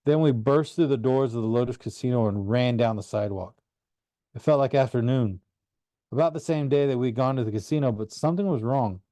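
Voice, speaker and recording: A man narrating a first-person story with an earnest, animated delivery. His voice is dark and mellow, recorded close in a dry room with no echo. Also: medium pitch. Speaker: audiobook reader.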